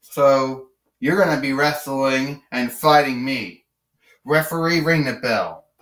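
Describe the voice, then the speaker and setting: A man's voice: mid-range voice, slow pace, fairly bright tone, far from the mic. A man voicing a bossy female wrestling villain who taunts her opponent, recorded in a roomy space away from the mic. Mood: scolding. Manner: taunting, commanding.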